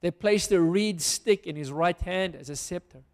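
A man with a high voice preaching a sermon, moving from scripture reading to earnest application for his listeners. His voice carries a long reverb from a large church hall. He speaks as a pastor addressing his congregation. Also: moderate pace.

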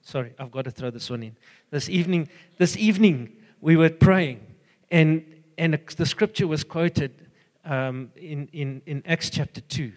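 An older man giving an earnest, halting personal testimony full of fillers and restarts. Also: fairly high pitch, darkish tone, long reverb tail. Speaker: church member giving a testimony.

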